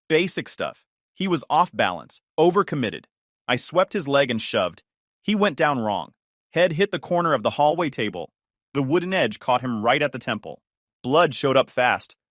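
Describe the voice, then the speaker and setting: A man's voice: medium pitch, a bit bright, no room sound. A man narrating a first-person story in short, terse sentences, on a close, dry mic.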